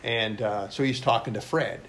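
A man's voice: fairly low pitch, moderate pace, fairly bright tone, a little hiss or hum. An older military veteran telling his service stories in an interview, rambling and blunt with frequent restarts. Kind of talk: oral history storytelling.

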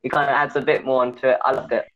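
A young man co-hosting a podcast, teasing and animated, slipping into silly voices. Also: mid-range voice, rapid-fire, no echo, muffled recording. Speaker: podcast co-host. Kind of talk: casual banter.

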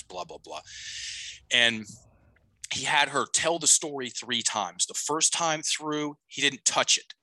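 A man's voice: on the low side, sharp tone, no echo, rough recording. A middle-aged man, a life coach, telling a long story on a podcast, restarting sentences and checking in with "okay?". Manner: rambling, self-correcting, frequent "okay?" check-ins.

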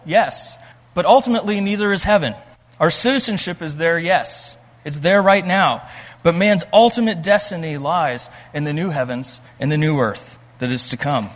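A man preaching a sermon as a pastor, earnest, slowing down for emphasis and reading scripture aloud with rising intensity. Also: fairly high pitch, a bit bright. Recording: long reverb from a large room.

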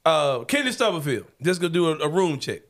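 A man from Memphis with a Memphis accent, hosting a podcast in casual, animated, joking talk that runs into rants. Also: a little high, a little fast. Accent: Memphis, Southern US. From Memphis, Tennessee. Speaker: podcast host. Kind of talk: casual chat.

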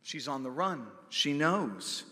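A man preaching a sermon as pastor, emphatic, rising to loud declarations and dropping low again. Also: animated, takes it slowly. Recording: long hall reverb.

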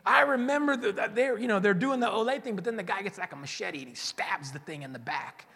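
A man preaching a sermon as pastor in a church, animated and joking, acting out the voices of churchgoers. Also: high voice, quick pace, vocal fry, breathy edge. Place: church hall. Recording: long church reverb.

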